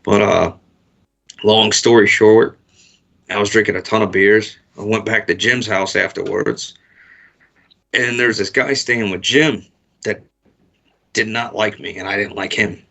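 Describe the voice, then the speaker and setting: Gravelly, profane man telling a story. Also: lowish voice, fairly even intonation, unhurried, pauses often, pushed and bright. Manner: profane, rambling, laid-back storytelling. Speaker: interview guest. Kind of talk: casual storytelling.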